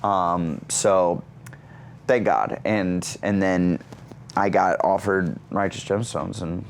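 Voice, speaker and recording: Man, 30s, comedian guest; lively self-mocking storyteller, slightly low voice, faint room hum. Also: takes it slowly, gravelly. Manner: energetic, self-mocking, squeals into high voices for quoted lines. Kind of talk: animated storytelling in an interview.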